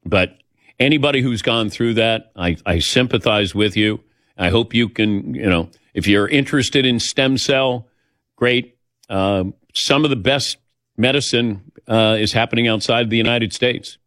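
An older man hosts a casual storytelling chat, speaking unhurriedly at medium pitch with a fairly bright tone. He recounts personal stories in a self-deprecating, chatty way and performs the voices he quotes. The sound is clean studio audio without echo.

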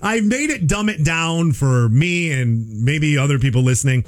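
A man's voice: a little high, lively intonation, normal speed. A man co-hosting a podcast in casual chat, explaining things with playful analogies. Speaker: podcast co-host.

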